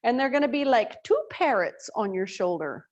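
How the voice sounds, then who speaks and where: A woman's voice: on the high side, big pitch swings, normal speed, highs cut off. A woman teaching a chair yoga class over a video call, giving breathing and posture cues with chatty, joking asides. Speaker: yoga instructor.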